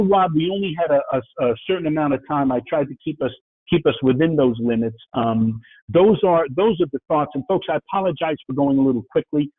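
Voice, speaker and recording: A man from New York with a New York accent, giving a fast-paced webinar presentation and checking in with "right?" and "okay?" as he goes. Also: on the high side. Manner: fast-talking, frequent "right?" and "okay?" asides. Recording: phone-like, dry, husky sound.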